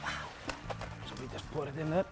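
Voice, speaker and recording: A man from Iceland with an Icelandic accent, a guest chef on a TV cooking segment, speaking English haltingly with many fillers and repeats. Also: mid-range voice, big pitch swings, creaky, over loud music. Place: TV studio kitchen.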